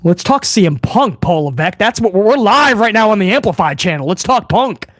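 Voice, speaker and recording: Excitable man on a live reaction stream. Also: high voice, a little fast, no echo. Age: older adult fan. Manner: excitable, casual, swears, calls viewers bro. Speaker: livestream host reacting to wrestling.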